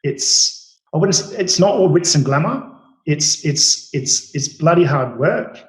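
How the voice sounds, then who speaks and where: A man's voice: a little high, expressive, unhurried, reverberant, poor audio. A middle-aged Australian man, a chef, telling stories casually in an interview, rambling with many fillers and restarts. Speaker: chef, podcast guest.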